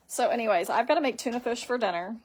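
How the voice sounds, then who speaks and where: A woman's voice: a little high, darkish tone, slight background noise. A woman hosting a casual live stream on her phone, rambling through her story and reading viewer comments aloud.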